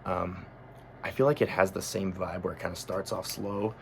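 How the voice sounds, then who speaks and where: A low-voiced man with a gravelly, creaky edge gives a relaxed music review. He thinks aloud as he goes, often pausing on ums and correcting himself mid-sentence. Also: a little hiss or hum. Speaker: music critic. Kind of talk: casual album review monologue.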